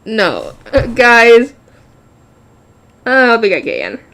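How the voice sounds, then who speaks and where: A woman's voice: on the high side, huge pitch swings, takes it slowly, a bit bright. A woman reading a light novel aloud, often laughing and breaking off to chat with her viewers.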